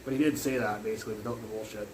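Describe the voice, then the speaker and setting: Loud rambling man swearing as he cooks. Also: fairly low pitch, fairly even intonation, rapid-fire. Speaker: live streamer. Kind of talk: casual live-stream chat while cooking. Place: home kitchen. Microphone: phone. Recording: noisy phone stream.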